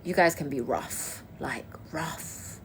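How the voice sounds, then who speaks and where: A woman's voice: low voice, slow, a little hiss or hum. A young woman from Kosovo chatting casually on a livestream, answering her viewers' comments as they come in. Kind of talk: casual live-stream chat.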